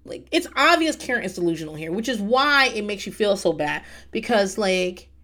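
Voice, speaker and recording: A woman's voice: mid-range voice, sing-song, moderate pace, bright, forceful tone. A woman recapping a reality show in a casual, blunt monologue, swearing freely and laughing often.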